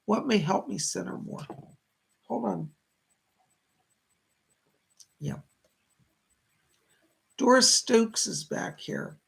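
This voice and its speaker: A man's voice: high voice, animated, slow, vocal fry, fairly bright tone, husky. A man hosting live-streamed psychic readings, relaying messages from spirits and thanking viewers for their donations. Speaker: psychic medium host.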